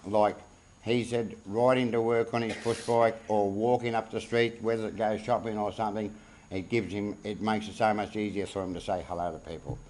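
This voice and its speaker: A man giving a halting, heartfelt eulogy for his brother at a funeral, close to tears. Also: lowish voice, steady tone, darkish tone, a little hiss or hum, poor audio. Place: funeral service.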